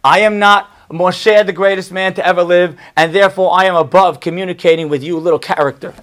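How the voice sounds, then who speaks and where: A man's voice: sits high, steady tone, a little fast, a bit bright. A man playing an indignant biblical leader. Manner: indignant, mock-haughty. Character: proud male biblical leader, defensive, indignant.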